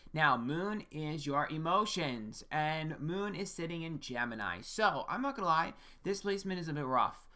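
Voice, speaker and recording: A man gives a casual, frank one-on-one birth chart reading as an astrologer, speaking directly to the listener and checking in with "okay?" and the occasional swear. His voice is medium-pitched with a sharp tone.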